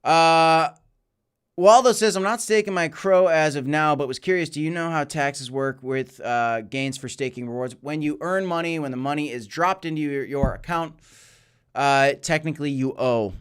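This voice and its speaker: A man in his thirties hosting a livestream, chatting casually and answering viewer messages with animated, repetitive storytelling. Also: on the high side, moderate pace, clean tone. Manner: animated storytelling with repeated phrases. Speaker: crypto livestream host. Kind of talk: casual livestream chat reading super chats.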